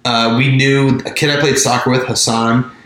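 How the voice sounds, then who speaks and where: A man's voice: medium pitch, flat delivery, moderate pace, fairly bright tone. Rambling man in a very echoey room. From Mid-Atlantic United States. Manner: rambling, self-interrupting, laughs often. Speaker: podcast co-host. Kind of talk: casual chat.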